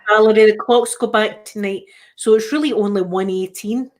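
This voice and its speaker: This channel host is a middle-aged Scottish woman talking at a normal speed in a medium-pitched, slightly mellow voice with fairly even intonation. During her casual live chat, she shares everyday stories and performs the voices of the people involved.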